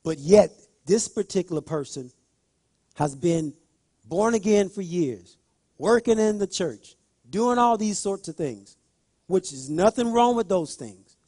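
A male preacher delivering a sermon, repeating phrases and rising into loud emphatic bursts as he speaks straight to the congregation. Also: high voice, lively intonation, unhurried, no echo, studio quality. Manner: talks directly to the congregation.

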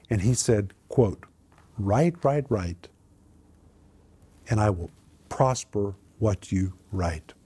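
Minister on a talk show, low mellow husky voice, earnest testimony. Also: male voice. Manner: earnest, animated storyteller. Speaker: Christian minister and author. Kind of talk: personal testimony storytelling.

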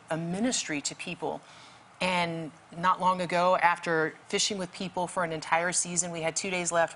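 A woman's voice: sits low, a bit bright, a little hiss or hum. A woman guest telling a vivid, emphatic story as a testimony, with bursts of urgency. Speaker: guest author.

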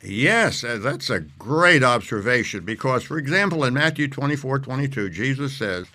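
A man teaching on scripture as an interview guest, speaking emphatically and reading verses slowly. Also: medium pitch, lively intonation, sharp tone.

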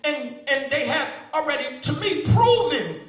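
A male pastor preaching a sermon in a repetitive, singsong cadence, moving between loud calls and quiet teaching. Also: very high-pitched, lively intonation, a little slow, echoey room, far from the mic, faint music behind.

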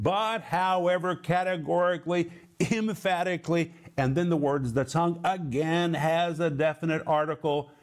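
Middle-aged male preacher, slightly high voice, emphatic sermon delivery with wide swings. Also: darkish tone. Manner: emphatic, explains Greek word meanings with big pitch swings.

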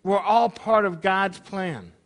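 Male congregation leader, high pitched and bright, preaching in a chatty way with frequent "right?" check-ins. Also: slow pace. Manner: conversational, peppered with rhetorical questions. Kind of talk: sermon.

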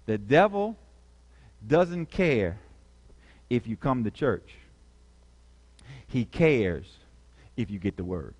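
A man's voice: medium pitch, sing-song, takes it slowly, pauses often, darkish tone. A man preaching a sermon, repeating key words and calling for answers from the congregation. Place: church. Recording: long reverb of a church hall.

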